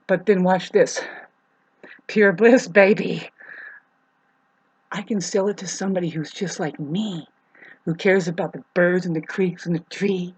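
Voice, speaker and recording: A woman's voice: low-pitched, husky, poor audio. A woman in a rambling, profane monologue, half-rhyming and sarcastic, with many ums.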